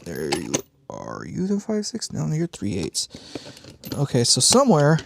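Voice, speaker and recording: A man's voice: a little high, big pitch swings, slow pace, vocal fry, noisy background. A man hosting a live amp build stream, talking casually and muttering and swearing at small parts as he works.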